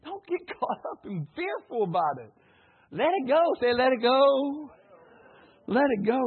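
A pastor preaching a sermon in call-and-response style, swinging between loud and hushed passages. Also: male voice, high voice, sing-song, unhurried, long pauses, breathy edge. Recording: tinny phone-like recording.

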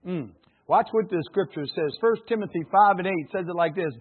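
A man preaching a folksy, animated sermon to a congregation, calling out for responses. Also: sits high, a little fast, slightly rough. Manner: folksy, animated, calls for audience responses, laughs often. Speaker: pastor. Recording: phone-like narrow band.

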